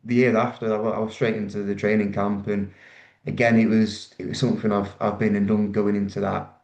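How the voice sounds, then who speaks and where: A man, a rugby player relaxed and self-deprecating as he tells stories in an interview, with many ums and restarts. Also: fairly low pitch, brisk, vocal fry. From Manchester, England. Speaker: rugby league player guest. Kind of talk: casual interview storytelling. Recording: echoey, dull room sound.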